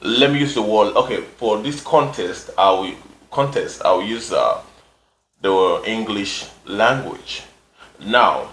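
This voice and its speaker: A man hosting a casual talk show, explaining in a measured way with fillers. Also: on the low side, a bit bright. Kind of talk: casual discussion. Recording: echoey room with faint noise.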